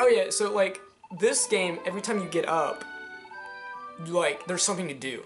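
Over music, a young man from Georgia hosts a let's play, his high voice moving at a moderate pace with long pauses. He rambles profanely into a headset mic about the game, using many fillers.

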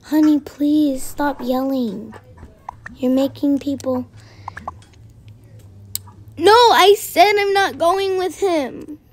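A woman's voice: high voice, slow, pauses often, a little hiss or hum. A female speaker voicing a school office secretary who makes announcements and cites school policy. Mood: officious.

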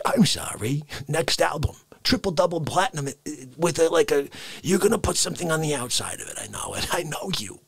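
A man's voice: a little high, lively intonation, moderate pace, vocal fry, fairly bright tone, husky, no echo. A man doing an unscripted comedic rant. He rambles in mock outrage and laughs between lines. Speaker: live-stream comedian.

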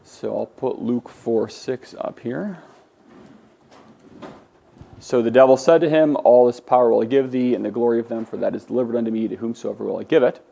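A man's voice: medium pitch, normal speed, gravelly, dark tone. A man teaching a Greek class, lecturing in a conversational way with many fillers and restarts. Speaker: Greek instructor.

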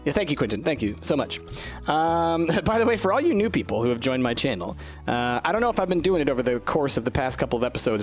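A man hosting a let's-play, chatting casually and animatedly over gameplay and cooing at the game's creatures. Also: mid-range voice.

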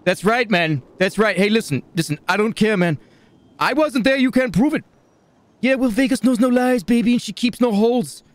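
A man's voice: sits high, moderate pace, no echo, lightly acted. A man playing a stoned, hyper male gambler and self-styled entrepreneur who rambles and repeats catchphrases in a game role-play. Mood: rambling. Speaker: role-player.

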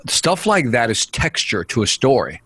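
A man telling sales stories in an interview, energetic and acting out quotes and scenes, with a husky voice. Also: medium pitch, moderate pace, no room sound. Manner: energetic, acts out quotes and scenes, drops voice for dialogue. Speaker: sales speaker, interview guest. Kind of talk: animated storytelling in a podcast interview.

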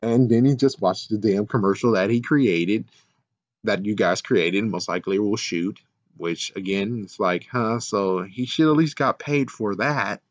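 A man's voice: on the low side, unhurried, dry recording, muffled recording. A man recapping and reviewing a show episode in a casual, rambling way, sarcastic and exasperated, with mild swearing.

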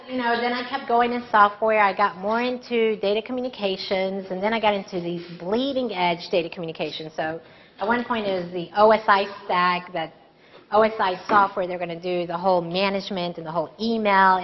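A middle-aged woman engineer giving a casual, animated career talk full of personal stories and laughter. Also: medium pitch, muffled recording. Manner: lively, animated storytelling with laughs. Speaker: guest speaker, engineer.

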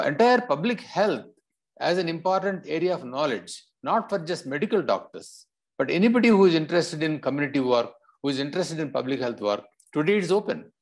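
A man from India speaking as a panelist in a public health discussion, explaining in a measured way. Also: fairly high pitch.

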